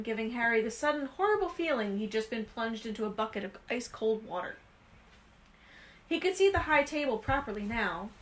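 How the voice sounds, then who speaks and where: Expressive woman reading a storybook aloud. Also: fairly high pitch. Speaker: reader. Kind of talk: reading a children's novel aloud.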